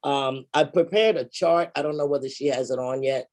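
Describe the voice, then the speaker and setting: A woman giving a measured, explanatory presentation on funeral pre-planning over a video call. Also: rumbling low, darkish tone.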